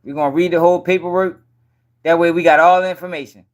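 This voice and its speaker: Man, young adult, late-night livestream host, profane, tired, fairly high voice. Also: quick pace. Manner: profane, animated, chatty, addresses viewers as y'all. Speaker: livestream news commentary host.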